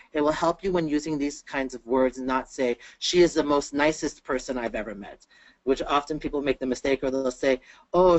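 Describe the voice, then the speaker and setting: Teacher running a grammar webinar, slows way down for example sentences, dull lo-fi dry sound. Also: mid-range voice, dry recording. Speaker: English teacher presenting a webinar. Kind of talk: online grammar lesson.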